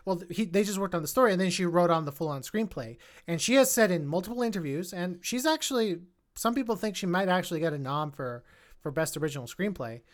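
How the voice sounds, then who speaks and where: A woman hosting a casual film podcast, talking animatedly and repeating words when she gets excited. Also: lowish voice, fast. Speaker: podcast host.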